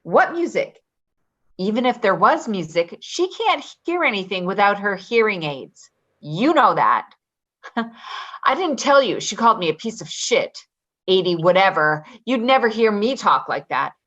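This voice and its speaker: A woman's voice: medium pitch, very animated, measured pace, fairly bright tone, muffled recording. A woman in a readers theater reading, playing a blunt, defensive live-in caregiver who answers with sarcasm. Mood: indignant. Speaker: actor in a staged reading.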